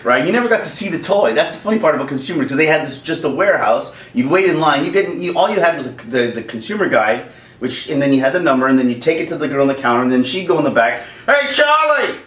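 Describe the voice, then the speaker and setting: A man's voice: mid-range voice, quick pace. A man from Canada telling a comic, rambling childhood story on his vlog. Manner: animated, rambling, jokey. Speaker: vlogger. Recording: roomy echo, distant mic.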